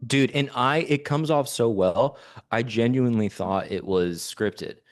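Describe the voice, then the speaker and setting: A man's voice: medium pitch, unhurried, soft background music. A man co-hosting a podcast, chatting casually and rambling enthusiastically about a show he saw. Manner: enthusiastic, rambling with fillers and restarts. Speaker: podcast co-host. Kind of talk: casual chat.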